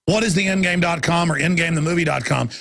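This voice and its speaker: Radio host guy ranting hard, raspy breathy voice, kinda high. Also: fast. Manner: intense, ranting, swinging between shouting and low urgent tones. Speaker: radio talk show host. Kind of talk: impassioned talk radio monologue.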